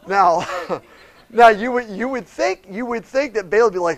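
High-voiced man preaching a lively Bible story. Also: moderate pace, no room sound. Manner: animated retelling with voices for characters. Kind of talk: sermon storytelling.

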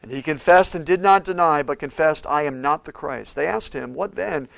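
A man with a gravelly edge to his somewhat high voice, preaching a sermon as pastor. He swings between loud, emphatic declarations and quiet, hushed passages. The sound is dry, with almost no room echo. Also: moderate pace. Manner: preaches with big swings from shouting to hushed tones.

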